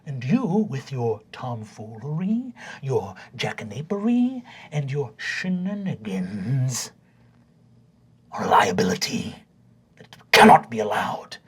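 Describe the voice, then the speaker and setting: A man voicing a stern, pompous male vice principal in a tabletop game, lecturing in a hushed, menacing tone. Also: mid-range voice, sing-song, takes it slowly, husky, exaggerated voice.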